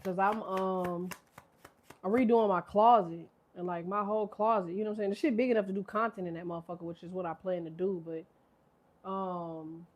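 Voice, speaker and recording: A woman's voice: lowish voice, steady tone, moderate pace. A woman in her thirties giving a casual tarot reading, rambling, profane and laughing often. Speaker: tarot reader. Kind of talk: casual live tarot chat.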